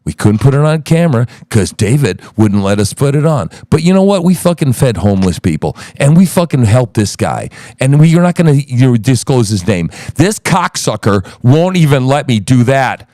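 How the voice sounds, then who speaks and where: Furious cursing man, lively pitch. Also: normal speed, hardly any pauses, dry recording, studio quality. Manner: profane, angry, berating. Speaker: host of an audio chat room. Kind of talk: heated argument.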